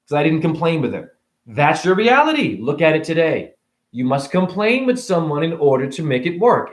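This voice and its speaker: A man's voice: fairly high pitch, roomy sound. A man ranting to camera about spirituality, sarcastic and profane. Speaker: vlogger.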